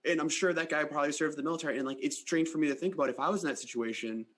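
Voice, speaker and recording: A man's voice: fairly high pitch, racing, a bit bright, a little hiss or hum. Man hosting a podcast, casual. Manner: conversational, uses "like" often. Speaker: podcast host.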